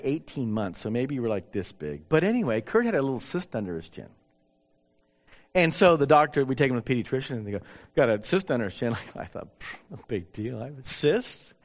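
Animated middle-aged man preaching a sermon. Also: fairly high pitch. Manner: animated, acts out dialogue, self-deprecating humor. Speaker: pastor. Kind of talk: sermon storytelling.

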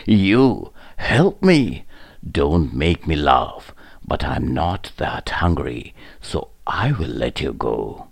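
A man voicing a proud male lion who brags in a gruff tone and pleads in high wailing cries. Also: big pitch swings, slow pace, no echo, heavily acted. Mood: scornful. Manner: swings from gruff boasting to high wailing pleas.

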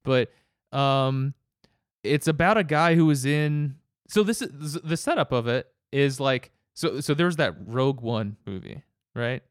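A man chatting casually, rambling with halting restarts and laughing as he goes. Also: mid-range voice, smooth, no echo, clean studio sound. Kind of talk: casual chat.

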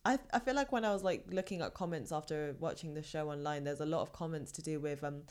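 A woman's voice: low voice, fast talker, darkish tone, clear, resonant tone. A young woman from England chatting casually and giving her opinions as a podcast co-host. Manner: chatty, opinionated, lots of fillers.

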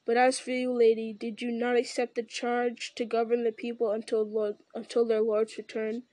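A woman's voice: a little high, monotone, moderate pace, dark tone, no echo, lightly acted, low-quality recording. A woman reading as a stern, resolute lord. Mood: grave. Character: stern resolute male lord, grave and steady.

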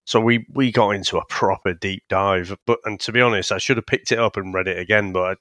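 Low-voiced guy chatting films, halting, bit sweary, dry sound. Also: steady tone, a bit bright, dry recording. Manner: laid-back, halting, casually sweary. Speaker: podcast co-host. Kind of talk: casual film review chat.

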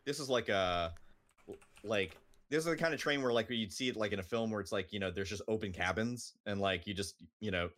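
Low-voiced man rambling through a story. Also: fairly quick, a bit bright. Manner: rambling with many fillers, like and um. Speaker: podcast co-host. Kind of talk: casual storytelling.

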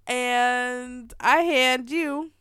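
A middle-aged woman with a slightly high voice tells a family story with lively energy, often slipping into the voices of the people she describes. The sound is dry and close. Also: very slow, clear, resonant tone, no room sound. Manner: animated, laughs often, acts out quotes. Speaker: mother telling family story. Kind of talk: casual storytelling.

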